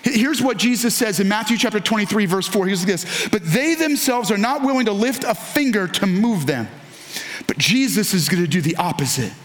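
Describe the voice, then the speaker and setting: A man preaching a sermon as pastor, earnest and emphatic, slowing down to stress key lines and repeating them. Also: high voice, animated, a bit bright. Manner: earnest, emphatic preaching with dramatic slowdowns and repetition.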